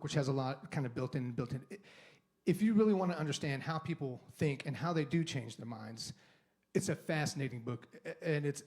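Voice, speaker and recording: A man giving a guest sermon in a conversational, rambling way, with restarts and acted-out inner monologue. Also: medium pitch. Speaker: guest speaker. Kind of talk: sermon talk. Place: church sanctuary.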